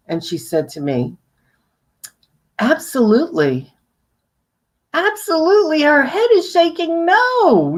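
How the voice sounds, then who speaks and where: Animated, lower-voiced coaching woman. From New York. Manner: animated, swings pitch up high for emphasis; rhetorical questions to the audience. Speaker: guest speaker on sales presentations. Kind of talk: coaching talk to viewers.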